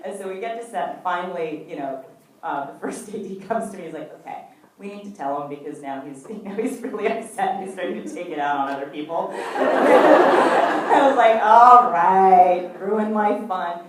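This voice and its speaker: Low-voiced woman telling a chatty anecdote in an echoey hall. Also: animated, fairly quick. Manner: chatty, acts out quoted dialogue with fillers. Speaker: actress answering fan questions. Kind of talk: casual anecdote telling at a fan Q&A. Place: event hall before an audience. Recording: echoey hall from far off, faint noise.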